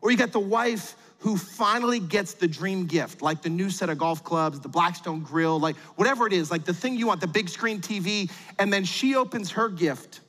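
A middle-aged man preaching a sermon as pastor, animated and acting out quotes in little voices. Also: sits high, normal speed, hardly any pauses, in a large hall.

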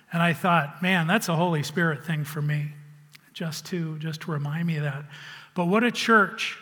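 A man sharing a personal church testimony in a halting, reflective storytelling manner. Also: fairly high pitch, fairly bright tone, big-room sound.

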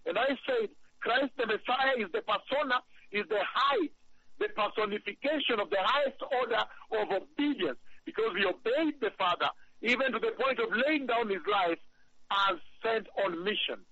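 A man preaching a sermon, emphatic and repetitive, reading scripture slowly. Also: very high voice, expressive, pushed and bright, muffled recording, a little hiss or hum. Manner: emphatic, repeats phrases, reads scripture slowly.

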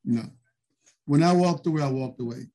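A man's voice: medium pitch, normal speed, warm tone, soft background music. A man, a former wrestler, telling stories casually in an interview, rambling with many fillers.

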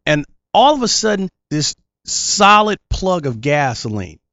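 A man's voice: high voice, very animated, unhurried, fairly bright tone, no room sound. A man appearing as a talk show guest, telling a rambling story in a casual chat. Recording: dry, dull lo-fi sound.

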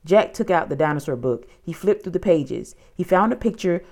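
A woman narrating a children's storybook in an expressive, dramatic way. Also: on the low side, moderate pace.

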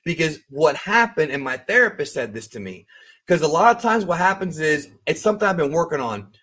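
A man's voice: on the high side, sing-song, fairly quick, fairly bright tone. A man talking as a guest on a podcast, speaking frankly and earnestly, with casual slang and many restarts.

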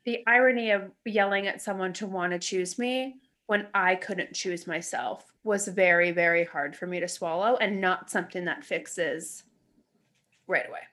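A woman's voice: lowish voice, normal speed, fairly bright tone. A woman in a candid conversation, blunt and emotional, swearing freely and acting out her inner voice. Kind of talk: casual heart-to-heart chat.

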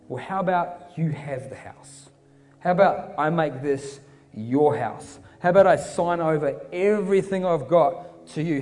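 A worn-out everyday guy, exasperated and pleading, his voice pitched a little high and kept mellow rather than bright, as a preacher acts him out. It rings through a long-echoing hall with faint music underneath. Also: close to an everyday voice. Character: weary harassed everyday man pleading. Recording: reverberant hall with soft music.

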